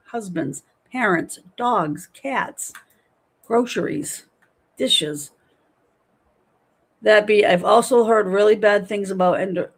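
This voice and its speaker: A middle-aged woman hosting a casual livestream, chatting and reading viewer comments aloud in a lively, talkative way. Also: mid-range voice, slightly rough. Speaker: livestream host.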